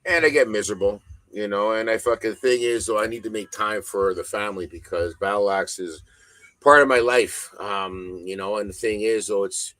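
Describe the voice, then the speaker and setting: A middle-aged man with a low voice and a hard, forceful edge, talking as a podcast guest. He rants bluntly and swears constantly, stressing words hard. The sound is close and dry. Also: normal speed, no room sound, low-quality recording. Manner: blunt, heavily profane, emphatic ranting. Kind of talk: casual podcast conversation.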